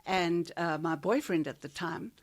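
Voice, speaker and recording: A woman's voice: fairly low pitch, a little slow. Older South African woman, theatrical storyteller. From South Africa, Eastern Cape. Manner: theatrical, polished speaking voice; warm storyteller who laughs often. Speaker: guest, veteran radio presenter. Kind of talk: reminiscing interview chat.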